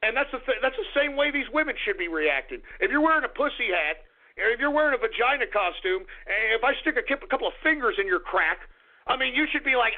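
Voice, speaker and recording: A radio host on an angry, crude rant. His voice is very high and gravelly. The sound is thin and tinny, like a phone line. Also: lively intonation, fast talker. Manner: angry, crude, insulting ranting. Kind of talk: ranting talk radio monologue.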